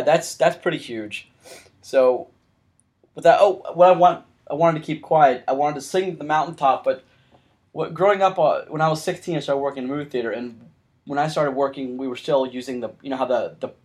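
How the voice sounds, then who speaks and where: A man's voice: medium pitch, moderate pace, a little mellow. A man hosting a podcast in casual chat, telling long rambling stories with frequent restarts. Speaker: podcast host.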